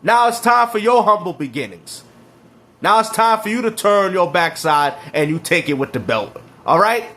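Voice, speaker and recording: A man's voice: high voice, lively intonation, moderate pace, a bit bright. A man reacting to clips and ranting about video games, mocking and slangy, laughing at his rivals. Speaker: gaming commentator.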